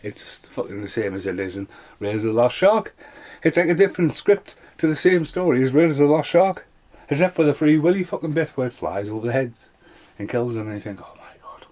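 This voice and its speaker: A man's voice: medium pitch, expressive, fairly quick, darkish tone. A man casually reviewing bad films, sarcastic and swearing constantly. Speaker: film reviewer.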